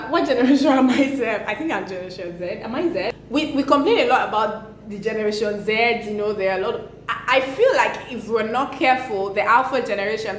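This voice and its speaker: A young woman, a parenting vlogger, talking to camera about discipline in an earnest, emphatic way. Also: mid-range voice. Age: young adult. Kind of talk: casual talk to camera. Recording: echoey room with faint noise.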